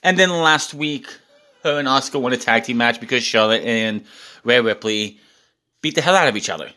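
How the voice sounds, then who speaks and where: A man's voice: mid-range voice, expressive, fairly quick, bright, forceful tone. A man recapping a wrestling show in a casual, exasperated rant, swearing often.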